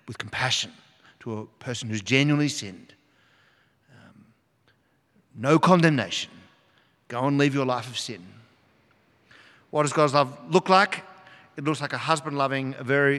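An older male pastor preaching in a church, his voice carrying a long reverb through the hall. He tells the story dramatically, dropping low and then surging up for emphasis. His pitch sits in the middle range for a man. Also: a bit bright. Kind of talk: sermon.

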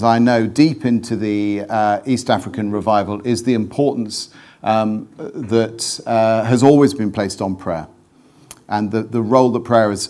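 A man's voice: medium pitch, a little mellow. A man giving a conference address as a leader of a mission organisation, often hesitating with fillers and restarts.

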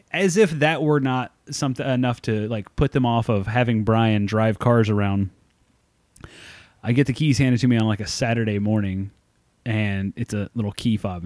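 A man's voice: on the low side, darkish tone, dry recording. A man in his thirties, co-hosting a podcast, telling a long self-mocking story with lots of swearing and laughter. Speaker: podcast co-host. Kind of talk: casual storytelling chat.

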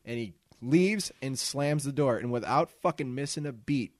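Brief: male podcast co-host, lively swooping delivery, dry close sound, swears freely while spinning stories. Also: medium pitch, moderate pace, dry recording. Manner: profane, animated storyteller doing voices. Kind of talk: casual storytelling chat.

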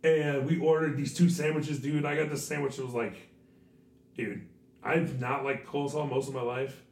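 A hoarse man with a craggy, sore throat hosts a podcast, swearing and telling stories in a casual chat. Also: mid-range voice, normal speed. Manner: animated, swearing, storytelling. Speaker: podcast host and teacher. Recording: echoey room, distant mic.

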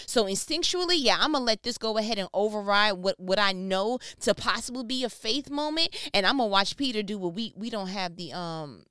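A woman giving casual devotional Bible teaching, telling the stories in an animated, slangy way and acting out the people in them. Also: medium pitch, clean tone, no room sound, studio quality. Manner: animated storytelling, slangy, acts out voices.

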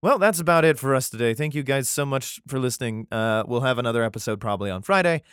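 A man's voice: mid-range voice, expressive, quick pace, a bit bright, smooth, no echo, clean studio sound. A man hosting a podcast, reading old scripture aloud and breaking off into crude, irreverent jokes. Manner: irreverent, profane asides. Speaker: podcast host.

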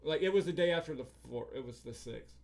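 A man's voice: fairly high pitch, lively intonation, quick pace, darkish tone. Rambling, cussing guy telling a story. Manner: profane rambling storyteller, acts out quotes. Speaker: podcast co-host. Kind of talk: casual chat.

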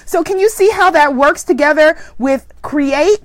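A woman's voice: sits high, measured pace, few pauses, dry recording. A woman hosting a spiritual live stream at home, chatting casually and reading viewer comments with exuberant, affectionate energy. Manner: exuberant, affectionate, breaks into cheers and laughter. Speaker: spiritual livestream host.

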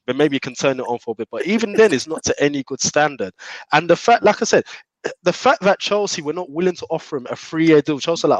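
A man ranting about his football club's decisions in a heated casual chat, scornful and quick to laugh. His voice sits fairly high. The recording is dry and close, with no room around it. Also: no echo, dull audio. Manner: animated, scornful, laughs often. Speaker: football fan panelist.

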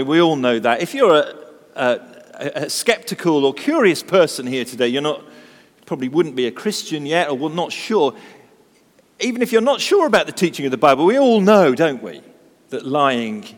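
Guy preaching a sermon, bouncy up-and-down voice, funny stories, big echoey church. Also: on the high side. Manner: lively, humorous storytelling with rhetorical questions.

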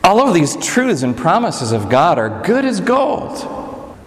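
A man preaching a sermon, swinging between high urgent passages and low intimate ones. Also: huge pitch swings, takes it slowly. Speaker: pastor. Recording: echoey hall reverb.

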